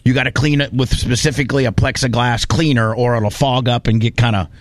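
A man hosting a loose, chatty studio show, ranting and laughing through a long story. He jumps up in pitch when he gets worked up and drops low to mimic other people. The sound is dry and close-miked. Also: a little fast, no echo. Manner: animated storyteller, quotes others in put-on voices. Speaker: podcast host. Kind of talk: casual studio chat.

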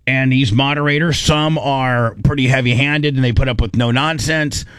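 Host, male, mid-pitched, rambling and casual, close dry mic. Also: steady tone, a bit bright, smooth, dry recording. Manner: rambling, restarts often, slows to stress points. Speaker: radio show host. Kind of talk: casual on-air talk.

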